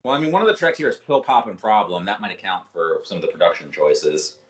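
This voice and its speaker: A man co-hosting a podcast in casual chat, joking and cracking quick remarks. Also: deep voice. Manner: joking, lively, quick with jokes. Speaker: podcast co-host.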